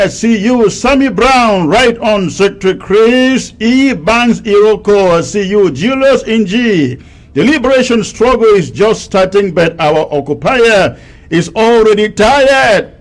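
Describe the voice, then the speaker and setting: A middle-aged man hosting a live stream, his voice pitched high and swinging up and down as he greets viewers. He reads each name slowly and drops in chatty remarks between them.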